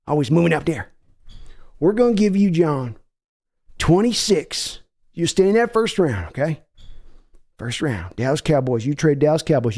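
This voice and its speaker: A man's voice: a little high, darkish tone. A man doing an impression of a brash, pushy older Texan football team owner, with a put-on Texan drawl in a comedy skit. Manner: folksy, wheedling, bossy drawl.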